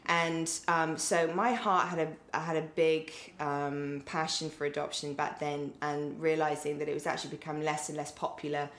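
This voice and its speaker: A woman's voice: low voice, flat delivery, normal speed, hardly any pauses, a bit bright. A middle-aged English woman hosting a podcast, chatting playfully with a friend, rambling and laughing often. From England. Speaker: podcast host. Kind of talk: casual chat. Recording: echoey room.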